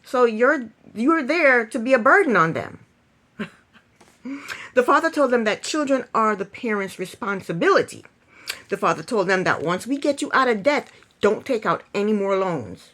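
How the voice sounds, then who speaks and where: A woman's voice: on the high side, very animated, normal speed, fairly bright tone. A woman giving a casual, sarcastic recap of a reality show, laughing often. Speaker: TV recap youtuber.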